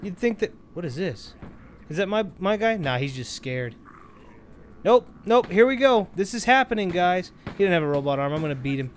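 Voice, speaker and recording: A man giving casual let's-play commentary over a game, rambling, joking and getting excited as he plays. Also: high voice, normal speed, slight background noise. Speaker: gameplay commentator.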